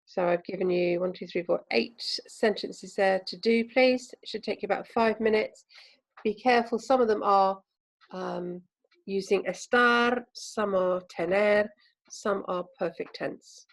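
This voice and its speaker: English woman, language teacher, mid pitch, slight fry, patient and clear with ums. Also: measured pace, rough recording. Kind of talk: recorded remote lesson.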